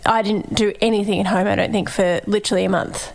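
A young woman hosting a relaxed podcast chat with her partner. She speaks warmly and casually, often hesitating with fillers as she talks. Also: medium pitch, quick pace, gravelly, a little hiss or hum, low-quality recording. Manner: warm, chatty, hesitant with fillers.

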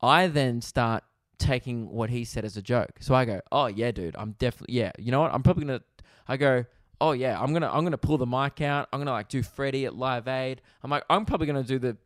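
A young man hosts his own comedy podcast, spinning a long, self-deprecating anecdote and slipping into quick quoted asides. His voice sits at an ordinary middle pitch. The recording is dry and close, with no room sound. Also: dry recording. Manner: rambling, self-mocking, quoting others in quick asides. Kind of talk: casual storytelling monologue.

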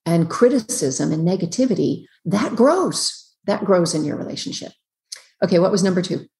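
A woman psychologist giving relationship advice as a podcast guest over a video call, emphatic and explanatory, running through quick lists. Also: fairly low pitch, expressive, creaky, warm tone, reverberant. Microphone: computer on a video call.

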